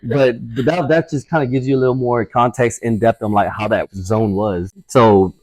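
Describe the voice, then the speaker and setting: A man's voice: medium pitch, fairly even intonation, normal speed, no room sound. A man, a tattoo artist guest, telling a casual story full of swearing and acting out the voices of people he quotes. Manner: profane, acts out quoted voices.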